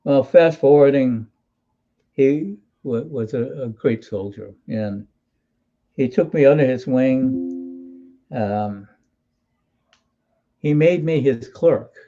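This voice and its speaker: A man's voice: medium pitch, takes it slowly, long pauses, mellow, dull audio, soft background music. A man in his eighties from Hawaii, a military veteran telling wry, folksy stories in an interview with frequent restarts. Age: 80s. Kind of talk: storytelling in an interview.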